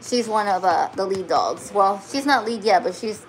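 A woman's voice: medium pitch, expressive, normal speed. A giggly woman cooing over a puppy. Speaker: husky breeder. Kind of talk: casual vlog chat while handling puppies. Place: home, indoors by a couch.

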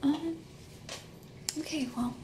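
A young woman vlogging at home in casual chat, out of breath and talking in a breathy half-whisper. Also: high-pitched, fairly even intonation, slow pace, a little mellow, slight background noise. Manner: rambling, chatty.

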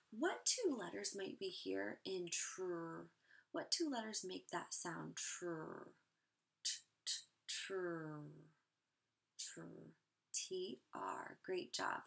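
Woman teacher sounding out words slowly. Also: medium pitch, a bit bright. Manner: encouraging, slow and clearly sounding out words. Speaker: first grade teacher. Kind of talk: online phonics lesson for children.

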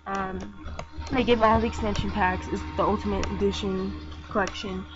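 Young woman gamer, soft and low-voiced, rambling chatty commentary over game music on a muffled mic. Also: little pitch movement, normal speed. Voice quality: soft-spoken, talks low. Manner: rambling, chatty, lots of fillers. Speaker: gaming vlogger. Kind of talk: casual gameplay commentary.

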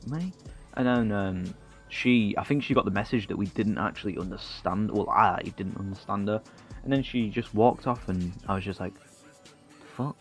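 A man, telling a rambling comic story full of swearing and self-mockery. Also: fairly low pitch.

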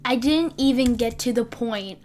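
A woman's voice: fairly high pitch, measured pace, a little mellow. A young woman rambling through live gameplay commentary, flustered and breaking off mid-sentence. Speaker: gaming YouTuber.

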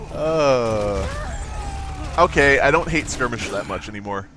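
Playful, lively-voiced gamer man. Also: mid-range voice, background noise. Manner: playful, swears, giggles, hums nonsense to himself. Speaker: game streamer. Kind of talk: live gameplay commentary. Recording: loud game sounds behind voice. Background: video game effects and voice lines.

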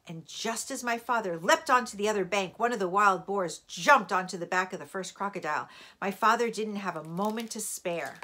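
A woman reading a children's chapter book aloud in an expressive storytelling voice. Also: medium pitch, moderate pace. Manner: expressive storytelling, lively intonation. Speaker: library read-aloud reader.

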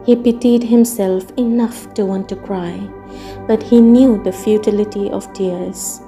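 A woman storyteller reading a novel aloud in calm, measured narration. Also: mid-range voice. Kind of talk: audiobook reading. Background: soft ambient music.

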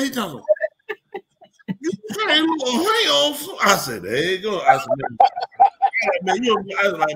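A man spins a comic story in a rambling, slangy way. His voice sits high and bright, and it jumps all over the place as he talks to the room. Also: very animated, normal speed, a little hiss or hum. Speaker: comedy show host. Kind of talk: live comedic storytelling.

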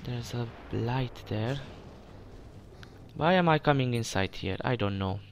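A man's voice: mid-range voice, lively intonation, a little slow, background noise. A young man giving casual gameplay commentary, jumpy, swearing often and stammering when startled. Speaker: let's play gamer.

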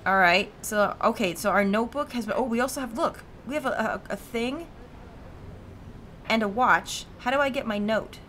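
A woman's voice: fairly high pitch, moderate pace, a bit bright, slight background noise. Chatty woman streamer reading game lines. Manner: chatty, swears freely, laughs often. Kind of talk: casual let's-play commentary, voicing game dialogue.

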